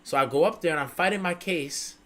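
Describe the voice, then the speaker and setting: A male streamer hosting a casual chat, telling a story in a profane, animated way. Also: a little high, brisk. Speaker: streamer host.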